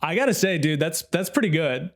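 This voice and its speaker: Podcast host, adult man, slightly high voice, easygoing and encouraging. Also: expressive, a little fast. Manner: easygoing and encouraging, frequent fillers. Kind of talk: casual podcast chat.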